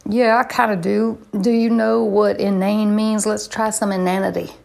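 A woman hosting a comedy show, trading deadpan banter and puns. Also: medium pitch, normal speed, gravelly. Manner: deadpan, punning.

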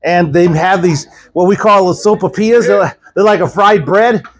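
A traveling preacher from Texas gives a casual sermon at a church gathering. His voice is fairly high and husky. He tells folksy stories and doubles back on his words as he goes. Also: moderate pace, rough recording. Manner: folksy storytelling, repeats words often. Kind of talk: informal sermon.

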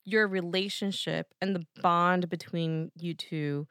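Bright-voiced woman with a Jersey accent. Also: on the low side, fairly even intonation, slow, clear, resonant tone, no echo, studio quality. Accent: New Jersey. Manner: chatty, thinks aloud with many "you know" fillers. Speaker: podcast co-host. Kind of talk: casual chat.

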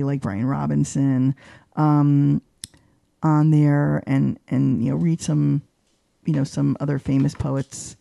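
Chatty woman with a gravelly, mellow voice. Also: dry recording, studio quality. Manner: chatty and animated, with many fillers; voices quoted people with big pitch jumps. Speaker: guest, arts journalist. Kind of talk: casual interview conversation.

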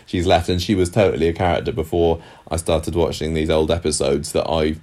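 A man's voice: rumbling low, steady tone, fairly quick, a little mellow. A man co-hosting a podcast, chatting casually about an old TV soap with frequent fillers and restarts. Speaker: podcast co-host. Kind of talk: casual chat.

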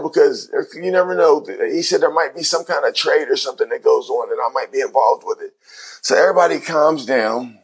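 A man's voice: fairly high pitch, brisk, a bit bright, breathy edge. A middle-aged man, a former basketball player, telling his story in an interview, acting out the voices of people he quotes.

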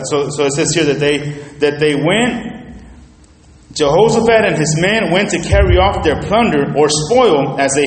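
A male preacher with a high voice delivers a sermon, his storytelling lively and shifting between loud bursts and quiet asides. The sound rings out through a large echoing church hall. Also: a little hiss or hum. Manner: animated storytelling, swings between loud and hushed. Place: church sanctuary.

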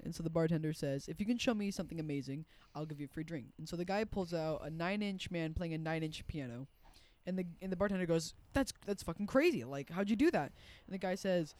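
A man's voice: a little high, a little mellow, no echo. A teenage boy, a college sophomore, chatting as a podcast guest, rambling with restarts and telling jokes. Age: teens. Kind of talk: casual podcast chat.

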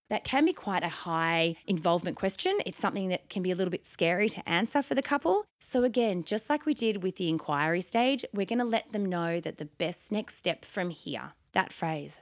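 A woman's voice: on the low side, expressive, a little fast, hardly any pauses, no echo, clean studio sound. A woman hosting a solo instructional podcast, talking in an upbeat coaching tone and ending her points with confident downward inflections. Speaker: podcast host and sales coach.

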